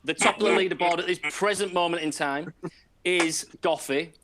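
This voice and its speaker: A man hosting an online event, reacting upbeat and quickly passing over to the quiz. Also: high-pitched, background noise. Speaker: event host. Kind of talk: casual hosting.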